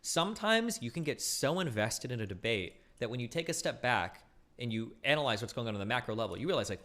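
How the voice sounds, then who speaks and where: A man commenting on his own live stream, launching into quick, profane rants. His pitch swings widely as he talks, and he keeps the pace high throughout. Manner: animated, profane, rapid rants. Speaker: streamer host.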